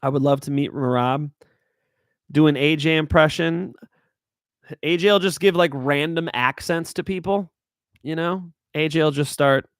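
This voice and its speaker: A man hosting his own show, chatting casually about fight picks in a hype-driven way, swinging between loud and soft. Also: fairly high pitch, normal speed, no room sound, studio quality. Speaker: show host. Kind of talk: casual fight-pick talk.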